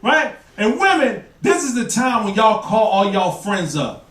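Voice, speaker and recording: A man's voice: high-pitched, big pitch swings, normal speed, far from the mic. A man doing a stand-up comedy set in a club, teasing the audience with slang-filled banter. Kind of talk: stand-up set with crowd work. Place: comedy club stage before a live audience. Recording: roomy, off-mic, loud crowd and noise. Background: loud audience laughter.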